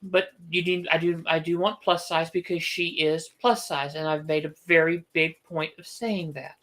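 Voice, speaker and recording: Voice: mid-range voice, steady tone, normal speed, fairly bright tone. An author hosting a casual book livestream, thinking aloud with restarts and firm opinions.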